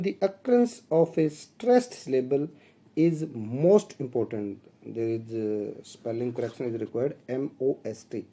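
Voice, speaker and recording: A middle-aged man with an Indian English accent giving a recorded video lecture to literature students. He speaks deliberately, repeats his points, fills pauses often and calls the students dear friends. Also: fairly high pitch, mellow.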